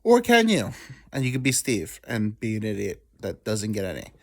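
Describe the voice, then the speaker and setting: A young man tells a long story in a loose, rambling way. His pitch swings freely as he acts out what others said, and he pokes fun at himself along the way. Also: huge pitch swings. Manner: rambling, self-deprecating, quotes people in quick asides. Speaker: podcast host. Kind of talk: casual storytelling monologue.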